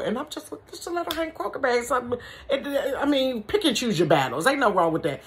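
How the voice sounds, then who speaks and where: A woman telling a family story in a casual storytime vlog from her bedroom, chatty and animated, calling her viewers y'all and honey. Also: high-pitched, a little fast, a little hiss or hum.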